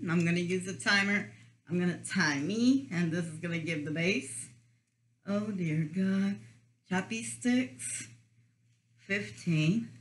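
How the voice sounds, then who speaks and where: Slow-talking giggly woman vlogger. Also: on the low side. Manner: giggly, chatty while eating. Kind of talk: casual food challenge vlog.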